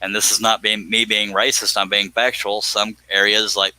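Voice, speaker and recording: A man chats loosely on a live stream as he works. His voice is very bright and forceful and sits a little low. The sound is dry and close to the mic. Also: flat delivery, moderate pace, no echo, poor audio. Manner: rambling, folksy, jokey, exclaims "by God". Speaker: livestream host, scroll saw pattern designer. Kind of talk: casual live stream chat while working.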